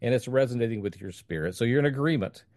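A man hosting a faith podcast, offering careful, measured reflections on his guest's story. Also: mid-range voice, expressive, darkish tone, no room sound, studio quality. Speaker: host.

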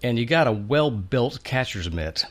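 A man's voice: medium pitch, animated, measured pace. A man hosting a faith conversation, reflective, working through his ideas aloud with images. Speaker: host. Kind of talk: faith podcast interview.

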